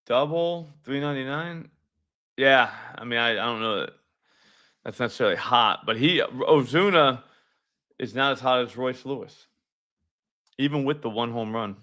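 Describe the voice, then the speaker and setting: Bright-voiced casual male betting host. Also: medium pitch, moderate pace, long pauses. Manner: loose, profane, talks to chat viewers. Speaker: sports betting show host. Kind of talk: casual live-stream chat.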